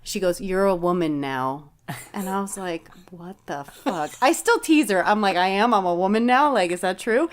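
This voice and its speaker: A woman's voice: mid-range voice, very animated, normal speed. Woman host, casual chat, rambling storyteller, laughs a lot, swears. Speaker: podcast host.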